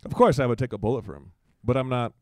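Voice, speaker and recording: A man's voice: medium pitch, fast, no echo, studio quality. A man in his forties, a guest in a casual conversation, telling a personal story and acting out quoted dialogue in livelier voices, with frequent restarts.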